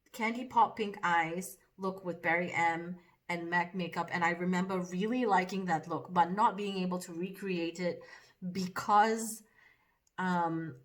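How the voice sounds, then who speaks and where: A woman's voice: on the low side, a bit bright. Chatty self-deprecating woman vlogger. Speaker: makeup vlogger. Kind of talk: casual vlog chat.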